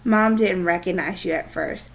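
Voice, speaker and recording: A woman's voice: lowish voice, normal speed, gravelly. A woman reading aloud, voicing a proud father heartily praising his daughter.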